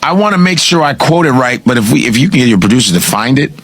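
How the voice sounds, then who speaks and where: A man with a husky voice, talking emphatically and profanely as an interview guest. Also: mid-range voice, lively intonation, fast talker, a bit bright, a little hiss or hum. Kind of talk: casual interview talk.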